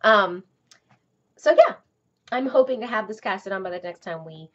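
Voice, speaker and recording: Woman chatting away about crafts at home, lots of ums, mid pitch, bit of a muffled sound. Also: expressive, normal speed, fairly bright tone. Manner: chatty and rambling, many ums and asides. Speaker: crafting vlog host. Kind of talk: casual chat to camera.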